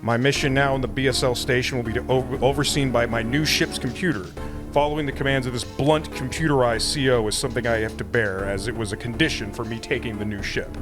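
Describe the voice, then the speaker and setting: A man voicing a terse female bounty hunter, reading the game's narration in a plain, steady way over game music. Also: medium pitch, fast talker, voice pushed down, natural voice. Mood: reflective. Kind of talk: reading game dialogue aloud.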